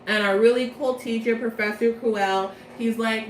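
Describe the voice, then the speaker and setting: A young woman rattles off a story recap in a rambling, excitable way and keeps correcting herself as she goes. Her voice sits in a roomy space, with faint noise behind it. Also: on the high side, moderate pace. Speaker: video creator. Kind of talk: casual plot recap from memory.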